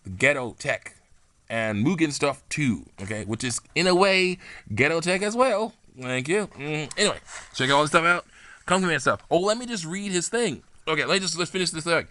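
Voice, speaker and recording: A man's voice: a little high, lively intonation, normal speed, bright, forceful tone, no echo. A young man casually rambling about the game characters he makes, laughing often and restarting his sentences. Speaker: hobbyist game-character maker.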